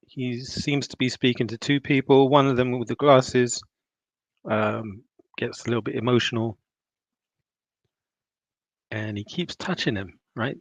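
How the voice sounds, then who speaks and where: A man's voice: medium pitch, dry recording. A man hosting a live stream, chatting casually and laughing as he reacts to a video while eating. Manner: chatty, laughs often, stops to rewind. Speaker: livestream host reacting to a video. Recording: dull lo-fi dry mic.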